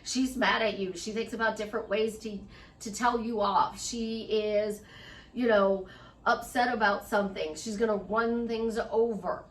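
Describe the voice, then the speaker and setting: A woman's voice: mid-range voice, fairly even intonation, measured pace, distant mic. A middle-aged woman life coach giving a chatty, rambling motivational monologue, speaking straight to the listener. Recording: echoey room, voice off-mic.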